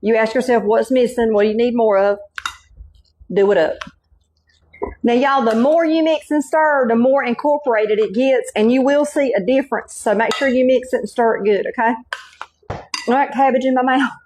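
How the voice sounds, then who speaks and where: High-pitched and a little mellow, this woman speaks at a moderate pace over a faint hiss or hum. She's a middle-aged North Carolina cooking channel host with a Southern Carolina accent, walking through a home cooking demo. Folksy and chatty, she leans on "y'all" and "okay" constantly.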